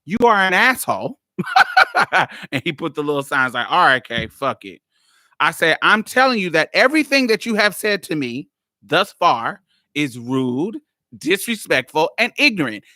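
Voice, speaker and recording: A woman podcast host tells a story in a casual monologue, blunt and exasperated, laughing often and swearing freely. Her fairly low voice is bright and forceful with big pitch swings at a normal speed, recorded in studio quality with no echo.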